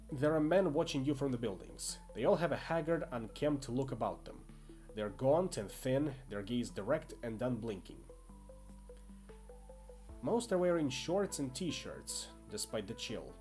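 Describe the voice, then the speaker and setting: A man reads a text adventure aloud in the second person, his voice rising and falling with lively movement. His tone is mellow and soft-edged, and he drops in quick asides of his own. Quiet music plays underneath. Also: mid-range voice. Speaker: game player and reader. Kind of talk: reading an interactive fiction game aloud.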